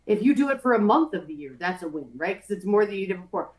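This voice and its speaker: Animated woman podcast co-host. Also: medium pitch, fast, low-quality recording. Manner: animated, playful banter. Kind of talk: casual chat.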